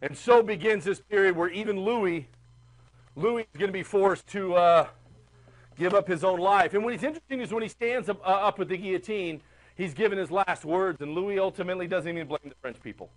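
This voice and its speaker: A man teaching a history class in a classroom, animated and chatty, often checking in with the students. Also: high-pitched, brisk, low-quality recording. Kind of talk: classroom lecture.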